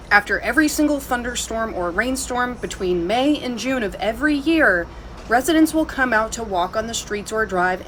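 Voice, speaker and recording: Woman, short-video narrator, casual, slightly high voice. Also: fairly bright tone, slight background noise. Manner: brisk, casual fact-telling.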